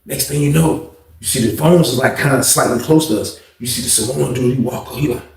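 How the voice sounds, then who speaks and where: A man's voice: mid-range voice, fairly quick, gravelly. A man telling a story from his past in a casual, slangy, profane, rambling way. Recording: echoey room.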